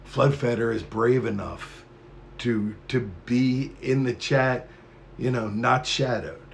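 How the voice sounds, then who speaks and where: Gravelly-voiced man ranting on a stream. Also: medium pitch, slow, a little hiss or hum. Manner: profane, conspiratorial, rambling. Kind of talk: rambling live-stream monologue.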